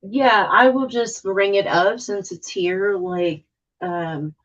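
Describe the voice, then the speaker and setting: A woman's voice: medium pitch, fairly even intonation, slow pace, fairly bright tone, muffled recording. A woman on a board meeting video call, speaking frankly but hesitantly, with many fillers. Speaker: housing board member. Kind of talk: meeting discussion.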